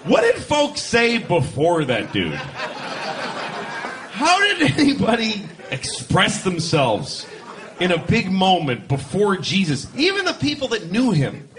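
A man's voice: high-pitched, huge pitch swings, slow pace, background noise. A man performing a stand-up comedy routine, telling a story in a jokey, irreverent way and acting out voices. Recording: live show with loud audience laughter. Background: crowd laughing.

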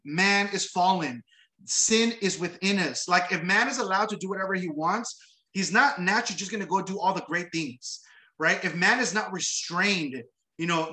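High-voiced, bright-toned male preacher. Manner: conversational, repeats words, frequent tag questions. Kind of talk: sermon with scripture reading. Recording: roomy echo.

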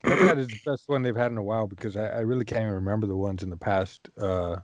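A man co-hosting a casual podcast, talking haltingly and often repeating words. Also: fairly low pitch, steady tone, dry recording. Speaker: podcast co-host. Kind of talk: casual chat among friends.

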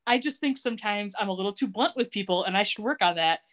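A woman's voice: medium pitch, quick pace, a bit bright, natural voice. A woman voicing a blunt, charming young woman from a TV drama while retelling a scene, her own voice only slightly lifted. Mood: sweet, scheming.

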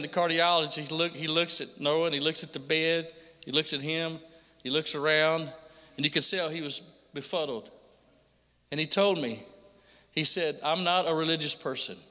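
Middle-aged man, bright tense tone, earnest testimony, repetitive storytelling. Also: fairly high pitch. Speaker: father giving a testimony to a pastor. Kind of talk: emotional personal testimony. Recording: long hall reverb.

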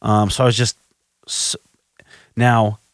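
A man's voice: fairly low pitch, level tone, slow, no room sound, clean studio sound. A man hosting a podcast, telling a personal recovery story in a candid, self-reflective way, often restarting his sentences. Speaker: podcast host.

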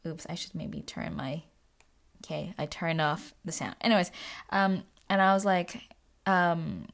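Giggly, chatty woman with a lowish voice. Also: unhurried, creaky. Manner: chatty and giggly, many fillers and laughs. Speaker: vlogger. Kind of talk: casual storytelling vlog.

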